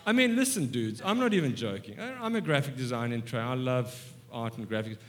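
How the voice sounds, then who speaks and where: Animated, self-mocking man preaching. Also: brisk. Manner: animated and self-mocking, swings between soft asides and excited high bursts. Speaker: guest preacher. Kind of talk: humorous sermon with storytelling. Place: church sanctuary.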